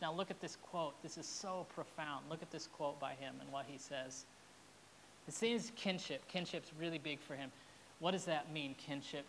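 A woman's voice: sits low, fairly even intonation, moderate pace, a little hiss or hum. A woman pastor preaching a sermon in an earnest, heartfelt way, at times openly emotional.

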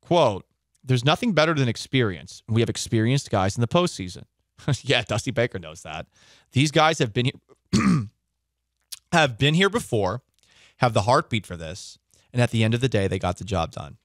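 A man's voice: medium pitch, sing-song, normal speed, no echo, clean studio sound. A male sports radio host giving conversational, opinionated commentary, often correcting himself mid-sentence. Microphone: studio microphone.

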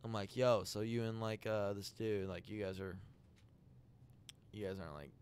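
Young man, podcast guest, casual crude storytelling, smooth resonant voice, acts out quoted lines. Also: on the low side, steady tone, normal speed, a little mellow. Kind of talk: casual chat.

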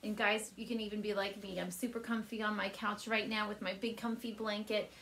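A woman teacher reading a children's chapter book aloud from her couch at home, speaking gently and warmly to young listeners. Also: medium pitch, fairly quick, a little hiss or hum. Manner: gentle, animated storyteller addressing kids.

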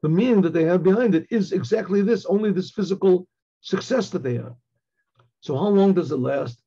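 An older man, a rabbi, giving a Torah class, telling a story in a halting way with many restarts and frequent throat clearing. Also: fairly high pitch, warm tone, highs cut off. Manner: halting, repeats words, clears throat often. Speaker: rabbi teaching.

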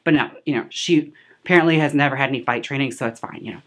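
A woman's voice: extremely low pitch, fast, slight background noise. A woman hosting a casual movie recap, chatty and sassy, full of filler words and side remarks. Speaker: host reviewing a film.

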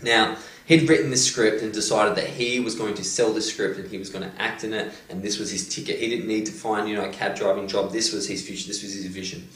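A man, a motivational coach, retelling a story with animated delivery and many "you know"s and "um"s. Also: fairly low pitch, brisk. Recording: roomy echo, distant mic.

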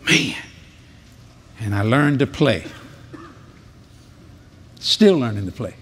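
A man's voice: mid-range voice, slow, noisy background. Folksy preacher, older man. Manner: folksy, animated, drawling storyteller. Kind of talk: sermon with storytelling and prayer. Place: large convention hall.

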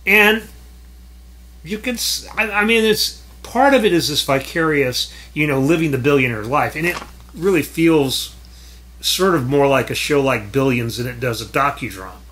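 Talking loosely about the films he's seen lately, this critic-host wanders, corrects himself and chuckles in asides. He has a fairly high, bright voice with a forceful tone, lively intonation and a normal pace.

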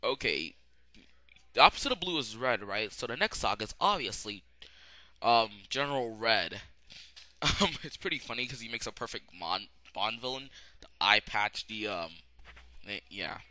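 A young man giving a rambling, casual spoken anime review, full of fillers and sudden excited outbursts. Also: fairly low pitch, normal speed, long pauses, no echo. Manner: rambling, many "um"s, bursts of loud excitement.

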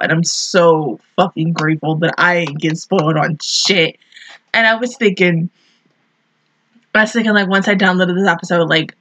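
A woman's voice: mid-range voice, fairly bright tone, breathy edge, no echo, rough recording. A young woman reacting to an anime episode, swearing, exclaiming and laughing often. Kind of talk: casual reaction commentary.

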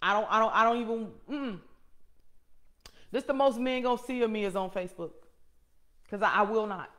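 A middle-aged woman hosting her own show, preaching a personal testimony in an emphatic way that swings from loud to hushed. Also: fairly high pitch, normal speed. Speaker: host and motivational speaker.

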